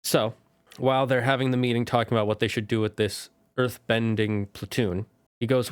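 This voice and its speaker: A man's voice: fairly low pitch, fairly even intonation, fairly quick, clean tone, dry recording. A man giving a casual spoken review as a streamer, chatty and talking straight to the viewer. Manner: chatty, addresses the viewer directly, briefly acts out quoted lines.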